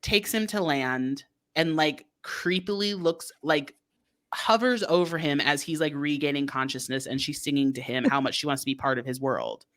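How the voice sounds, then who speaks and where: A woman's voice: low-pitched, normal speed. A woman co-hosting a podcast, recapping a movie in a chatty, sarcastic way with lots of "like.". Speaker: podcast co-host.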